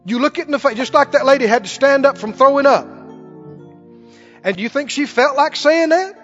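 A man's voice: very high-pitched, a little fast, a bit bright, soft background music. A man preaching a sermon, emphatic and storytelling, repeating his key phrases. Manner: emphatic, repeats phrases, tells stories with laughter. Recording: dull lo-fi with long hall reverb.

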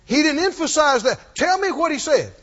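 A man preaches with an unusually high voice that swoops up and down as he hammers the same phrases again and again. He calls on his congregation to say the words back to him. The dull, muffled recording rings with the long reverb of a large hall. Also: animated, normal speed, fairly bright tone. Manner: emphatic and repetitive, leads call-and-response. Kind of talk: sermon. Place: church.

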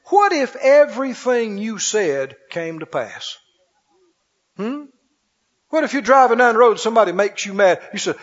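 High, husky-voiced preacher in a reverberant hall. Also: male voice, very animated, moderate pace, pauses often. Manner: preaching with call-and-response questions to the congregation. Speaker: pastor. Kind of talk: sermon. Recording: dull recording with long hall reverb.

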